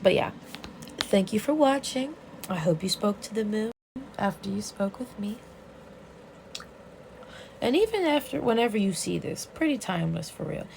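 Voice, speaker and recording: Young woman vlogger, lively profane storyteller, gravelly fry. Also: mid-range voice, moderate pace, long pauses, background noise. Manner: animated, profane, laughing storyteller. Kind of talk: casual story recap.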